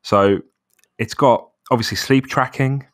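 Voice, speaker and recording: A man's voice: medium pitch, unhurried, no echo, clean studio sound. A man in his thirties co-hosting a podcast, chatting casually and rambling, often saying "bro". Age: 30s. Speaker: podcast co-host. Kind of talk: casual chat.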